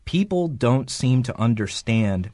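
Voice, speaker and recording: A man hosting a podcast, giving measured, lecture-like explanations. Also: medium pitch, animated, a little mellow, no room sound, studio quality. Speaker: podcast host.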